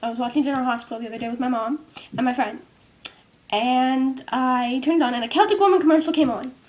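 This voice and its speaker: A woman's voice: sits high, quick pace, a little mellow. A young woman vlogging at home, chatting casually and rambling with lots of "um" and "like" into a cheap microphone with its top broken off. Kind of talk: casual chat to camera.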